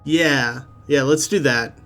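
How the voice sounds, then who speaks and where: A man's voice: mid-range voice, slow pace, music in the background. A man working as dungeon master, narrating with hesitant fillers. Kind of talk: running a tabletop game.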